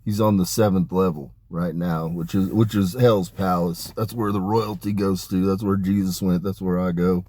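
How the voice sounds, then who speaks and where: A man talking in a rambling, emphatic monologue about spiritual matters, dropping his voice low on asides. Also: steady tone, moderate pace, hardly any pauses, warm tone. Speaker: spiritual channeler. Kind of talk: casual spoken monologue.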